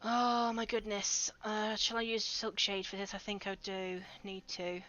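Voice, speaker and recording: Chatting with her chat while playing a game, this woman giggles a lot and keeps up casual livestream commentary. Her medium-pitched voice is a bit bright, with a flat delivery and measured pace.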